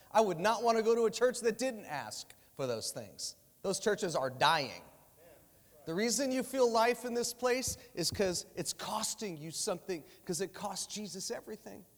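A male preacher delivering a lively sermon from the stage, his voice sitting a little high for a man. He tells stories and acts out the dialogue in changing voices. His voice rings out with a long reverb through the church sanctuary. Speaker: guest preacher. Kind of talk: sermon with storytelling.

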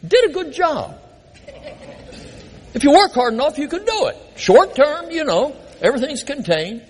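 An older pastor with an extremely high voice preaches at a normal pace in a church sanctuary, weaving self-mocking stories from his early ministry into the sermon. He tells them in an animated way. The church hall gives the recording a long reverb.

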